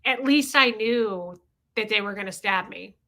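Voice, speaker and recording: Her medium-pitched voice is pushed and bright, and she speaks unhurriedly. She's a livestream host in her forties who reads the chat, greets viewers, and talks openly and confessionally with casual swearing.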